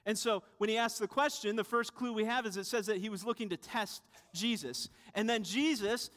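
A man's voice: high-pitched, a little fast, a bit bright. A young man giving a sermon as pastor, conversational with rhetorical asides. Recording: reverberant hall.

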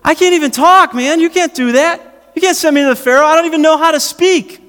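A man's voice: a little fast, fairly bright tone. A man voicing a reluctant prophet who protests that he cannot speak well. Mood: protesting. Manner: high, whiny, protesting. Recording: long hall reverb.

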